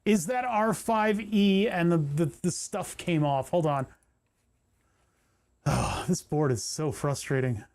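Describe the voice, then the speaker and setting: A man's voice: on the high side, animated, takes it slowly, a little mellow. A man streaming live while soldering, explaining each step and muttering with frustration as he searches for parts. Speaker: streamer building electronics kits. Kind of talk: casual livestream commentary while soldering.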